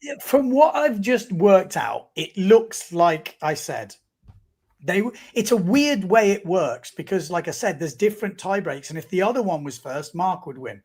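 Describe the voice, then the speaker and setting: Higher-voiced man, bantering. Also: expressive, normal speed, darkish tone, slightly rough. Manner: banter-heavy, teasing, explains rules at length. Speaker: podcast co-host and analyst. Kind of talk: casual live-stream chat.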